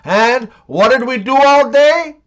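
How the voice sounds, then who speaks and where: Slow, high-voiced male joke teller. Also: lively intonation, a bit bright, highs cut off. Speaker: comedian telling jokes. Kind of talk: scripted joke narration.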